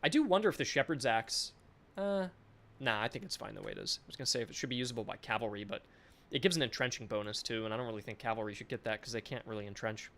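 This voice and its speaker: A man's voice: medium pitch, fast, a bit bright. Chatty, self-mocking male game developer. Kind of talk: casual live-stream commentary. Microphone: desk microphone.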